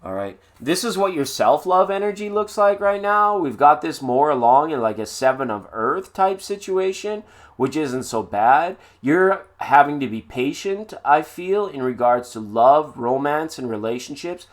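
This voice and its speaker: A man's voice: a little high, lively intonation, unhurried. Playful chatty tarot-reading man. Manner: chatty, playful, sing-song asides. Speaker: tarot reader. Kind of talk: live-stream tarot reading.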